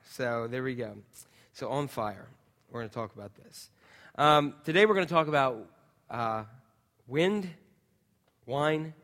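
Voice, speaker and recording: A man's voice: mid-range voice, a bit bright. Chatty man preaching in a reverberant hall. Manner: chatty, jokey, with many fillers and asides to the crowd. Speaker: pastor. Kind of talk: casual sermon to a congregation. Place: church hall.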